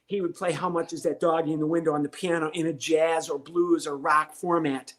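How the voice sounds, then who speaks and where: A man in his sixties, a comedian guest telling a lively story and acting out the voices of the people in it. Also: fairly high pitch, fairly quick. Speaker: podcast guest, comedian and ventriloquist. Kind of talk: storytelling interview.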